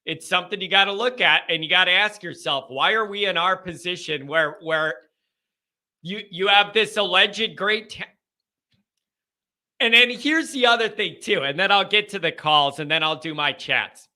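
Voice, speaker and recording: A man's voice: high voice, animated, moderate pace, sharp tone. A young adult man hosting a live-streamed fan show, ranting heatedly and sounding exasperated, with stuffy sinuses.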